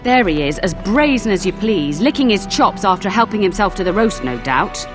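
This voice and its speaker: A woman plays a cranky old cook who runs her castle kitchen with a sharp tongue. Her pitch leaps all over as she scolds, with game music behind her. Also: very animated, moderate pace, lightly acted. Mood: grumbling. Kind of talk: fan voice acting over a game.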